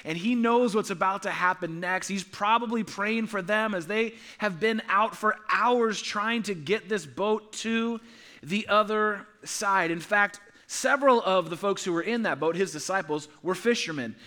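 In a church sanctuary, a male pastor delivers a sermon in a high, bright voice at an unhurried pace. His animated preaching swings between loud, emphatic, rising passages and soft, hushed ones, with humorous asides scattered throughout.

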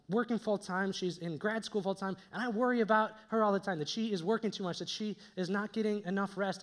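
A young man preaching a conversational sermon, with joking asides to his listeners. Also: high-pitched. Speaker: pastor.

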